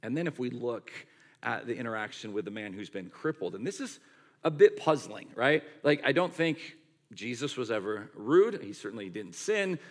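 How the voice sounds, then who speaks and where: A middle-aged man preaching a sermon in a conversational, animated storytelling way, acting out quotes as he goes. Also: mid-range voice, normal speed. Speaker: pastor.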